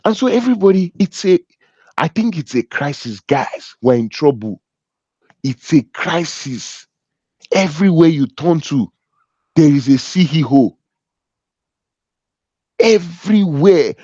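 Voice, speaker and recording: A man with a Nigerian accent giving a humorous, animated business talk, joking and teasing as he tells stories. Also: a little high, unhurried, pauses often, slightly rough, no room sound, highs cut off. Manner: animated and joking, laughs at his own stories. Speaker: business speaker.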